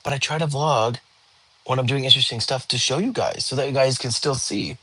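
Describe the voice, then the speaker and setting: A tired young man, hosting a relaxed livestream and chatting with viewers from home. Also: mid-range voice, a little fast, slightly rough. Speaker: livestream host. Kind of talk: casual livestream chat. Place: home, lying down.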